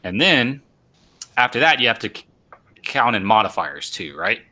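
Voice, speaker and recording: A man's voice: fairly low pitch, very animated, moderate pace, sharp tone. A man hosting a casual live show about tabletop wargaming, explaining tactics step by step and often repeating his words.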